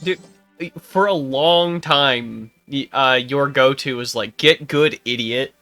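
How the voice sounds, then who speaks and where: Bright-voiced young man, halting and teasing. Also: medium pitch, faint music behind. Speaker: let's play co-host. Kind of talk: casual gaming chat.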